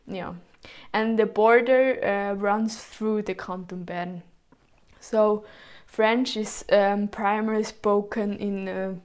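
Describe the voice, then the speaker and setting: A young woman speaking English with a Swiss German accent gives an informal presentation. She talks at an unhurried pace, pausing often with ums and correcting herself. Her pitch sits in an ordinary middle range. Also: darkish tone. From Switzerland. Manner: hesitant, with many ums and self-corrections.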